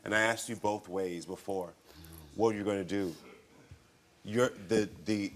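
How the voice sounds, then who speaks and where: A man hosting a daytime talk show, asking probing, measured questions. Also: on the low side, fairly even intonation.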